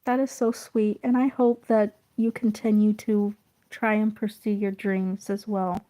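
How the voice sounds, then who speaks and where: A woman streaming while she draws, chatting casually and gently encouraging her viewers. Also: mid-range voice, level tone, a little slow. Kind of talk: casual chat.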